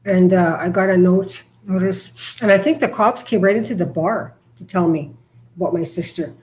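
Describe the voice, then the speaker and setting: A middle-aged woman from Canada speaking frankly and haltingly as a podcast guest about her past. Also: on the low side, fairly even intonation, a little mellow, a little hiss or hum, poor audio. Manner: frank, halting, emotional at times. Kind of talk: candid recovery interview.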